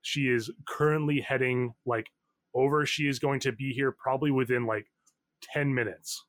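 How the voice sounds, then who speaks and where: A man's voice: mid-range voice, fairly even intonation, moderate pace, a bit bright, no echo. A man narrating as game master in a loose style with many fillers. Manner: loose, filler-heavy, laughs often.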